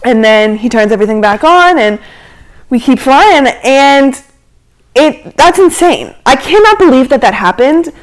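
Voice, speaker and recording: A woman's voice: high-pitched, unhurried, poor audio. Chatty young woman telling a story. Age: 20s. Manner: chatty, animated, heavy use of "like". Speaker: podcast host. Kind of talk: casual storytelling.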